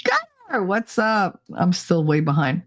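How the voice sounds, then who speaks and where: A woman's voice: on the low side, huge pitch swings, unhurried. A middle-aged woman hosting a live podcast stream, chatting casually with viewers, teasing and swearing, often laughing. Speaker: livestream podcast host.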